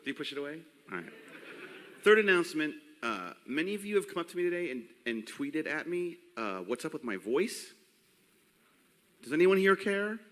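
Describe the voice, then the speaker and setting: A man's voice: on the high side, big pitch swings, fairly quick, in a large hall. A man in his forties with a cracking, unsteady voice, telling crude jokes on a convention panel stage. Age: 40s. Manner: joking, rambling, crude. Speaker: panel host. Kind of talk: comedic live panel talk. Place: convention stage before a crowd. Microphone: handheld mic.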